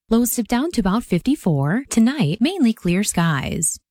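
Lively woman giving the weather. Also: medium pitch, dry recording, studio quality. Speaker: meteorologist. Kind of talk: scripted weather report.

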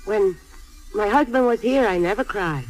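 An actress playing a blunt, grieving widow and seamstress. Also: female voice, mid-range voice, moderate pace, darkish tone, faint music behind, natural voice, rough recording. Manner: blunt, scolding then tender. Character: fiery grieving Italian-American widow seamstress. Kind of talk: stage or film drama acting.

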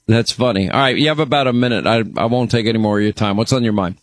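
A man from Long Island hosting a call-in radio show, taking callers in a brisk, chatty way. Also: medium pitch, dry recording, studio quality. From Long Island, New York. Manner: brisk, chatty, time-pressed. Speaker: radio talk show host.

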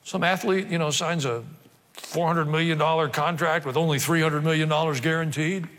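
A man's voice: fairly high pitch, fairly even intonation, moderate pace, a bit bright. A male pastor preaching a sermon, dropping wry asides and acting out quoted voices. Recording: long reverb of a large hall.

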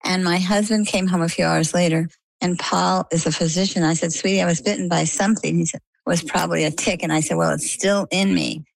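A woman's voice: fairly low pitch, a little fast, vocal fry, dry recording, poor audio. A middle-aged woman, an interview guest, retelling a personal story conversationally, acting out what people said. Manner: conversational, animated retelling with quoted dialogue.

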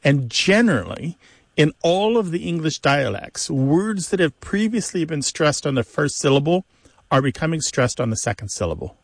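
A man's voice: on the high side, very animated, normal speed, no echo. A man co-hosting a language call-in show, explaining word stress in a professorial way with many examples. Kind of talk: explanatory radio chat.

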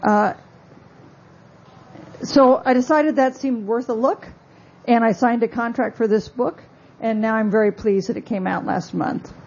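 A woman author giving a talk about her book, telling stories in a measured, wry way with asides. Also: fairly high pitch, a little mellow, lo-fi sound, slight background noise. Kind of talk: lecture-style talk.

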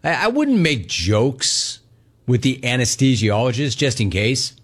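A man hosting a sports talk radio show, taking callers and riffing in a brash, animated way with punchy repeated words. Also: medium pitch, a little slow, slightly rough. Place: radio studio.

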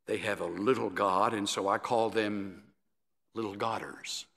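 A preacher quoting a wise old professor. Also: male voice, lowish voice, steady tone, measured pace, gravelly, fairly bright tone, exaggerated voice. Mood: gentle, earnest. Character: gentle elderly male seminary professor, wise. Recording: echoey hall.

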